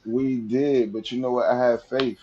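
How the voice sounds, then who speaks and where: A man co-hosting a podcast, talking in an earnest, steady way with frequent restarts. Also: mid-range voice, normal speed, dull audio, a little hiss or hum. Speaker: podcast co-host. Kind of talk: casual podcast chat.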